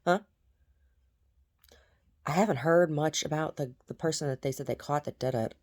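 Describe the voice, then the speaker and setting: Low-voiced woman in a profane rant. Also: normal speed, darkish tone. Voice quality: blunt, profane, agitated. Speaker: vlogger. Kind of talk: casual vlog rant.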